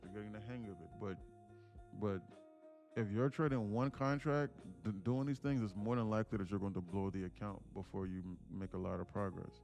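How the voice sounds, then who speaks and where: A man's voice: fairly low pitch, fairly even intonation, brisk, vocal fry, a little mellow, soft background music. A man hosting a live trading stream, giving blunt, informal coaching to viewers. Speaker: day-trading livestream host.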